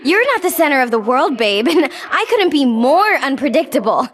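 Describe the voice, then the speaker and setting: A woman's voice: high-pitched, very animated, moderate pace. A woman voicing a young, bratty goddess of strife in a video game, mocking and flippant, with a sarcastic drawl. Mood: taunting. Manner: mocking, flippant, calls the hero babe. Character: Eris, wild goddess of strife, taunting and gleeful. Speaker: game character.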